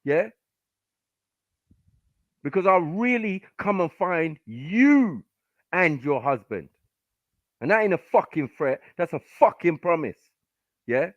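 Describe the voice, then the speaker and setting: A high-voiced man rants aggressively at callers on a live stream, swearing and cutting people off. The sound is dry and dull, like lo-fi stream audio. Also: animated, unhurried, pauses often, no echo. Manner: aggressive, profane, shouting down callers. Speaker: podcast host. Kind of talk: heated live panel argument.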